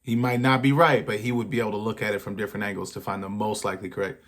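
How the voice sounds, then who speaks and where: A man with a fairly low voice reacts to clips and muses out loud. He talks in a loose, slangy way, circling his point as he goes. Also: flat delivery, racing. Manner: rambling, slangy, thinking aloud. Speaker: reaction video host. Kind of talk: casual reaction commentary.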